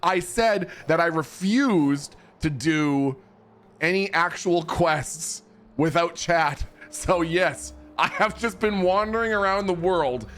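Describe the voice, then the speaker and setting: A man streaming a video game, bantering with chat in an animated, profane way. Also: on the high side, slow. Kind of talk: casual live gameplay commentary.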